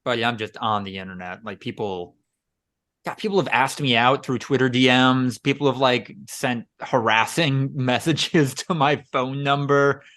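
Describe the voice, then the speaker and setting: A man's voice: mid-range voice, normal speed, fairly bright tone. A man in his late twenties, co-hosting a podcast in casual, joking banter with friends. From Wisconsin, US. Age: 20s. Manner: joking, rambling, restarts a lot. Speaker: podcast co-host. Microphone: podcast microphone.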